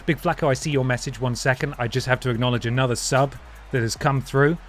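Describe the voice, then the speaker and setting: A man's voice: mid-range voice, fairly even intonation, fast talker, fairly bright tone, faint music behind. A man hosting a live stream, chatting casually and thanking viewers one by one by name, often trailing off and restarting mid-sentence. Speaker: livestream host.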